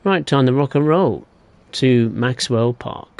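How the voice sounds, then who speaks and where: A man's voice: mid-range voice, lively intonation, measured pace, darkish tone, no echo. A young man live-streaming a train game, chatting casually and answering viewers in a rambling way. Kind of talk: live gameplay commentary.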